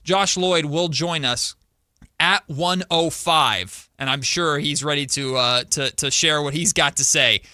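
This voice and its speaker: Bright, crisp-toned sports radio man. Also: on the high side, measured pace, no room sound, studio quality. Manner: animated, teasing. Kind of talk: casual sports talk.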